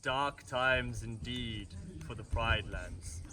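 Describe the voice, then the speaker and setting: A man's voice: mid-range voice, slow, bright, forceful tone, recorded from a distance. A British man retelling a story for his family with jokey asides and rambling restarts. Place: family home at Christmas.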